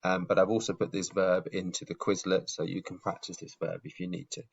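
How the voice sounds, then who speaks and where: A man with a low, gravelly voice walks beginners through a lesson in a relaxed, casual way. He explains patiently, step by step, with plenty of ums. The recording sounds dull and lo-fi. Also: fairly quick. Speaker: Spanish teacher.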